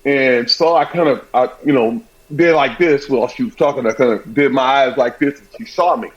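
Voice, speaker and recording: A man hosting a sports talk show, chatting casually and telling a story with lively acted-out bits. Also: mid-range voice, fairly quick. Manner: animated storyteller, acts out voices. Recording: dull lo-fi sound.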